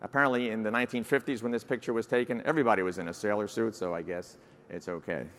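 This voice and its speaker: An older man in his sixties with a New York accent speaks at a conference podium in a fairly low voice. His talk is folksy and self-deprecating, dotted with uh fillers. The sound carries a long reverb from a large hall. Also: fairly even intonation, fast talker, a bit bright. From New Jersey, United States. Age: 60s. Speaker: society president giving an address. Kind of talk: conference keynote speech.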